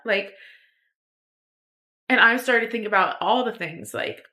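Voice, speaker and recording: A woman's voice: medium pitch, a little slow, pushed and bright. A young woman telling a personal story on her podcast, rambling with lots of fillers and restarts. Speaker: podcast host.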